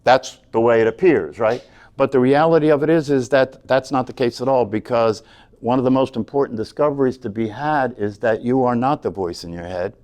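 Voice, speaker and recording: A man's voice: mid-range voice, a little fast, a little mellow. A man teaching a meditation class, talking earnestly and often checking in with "right?". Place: class room.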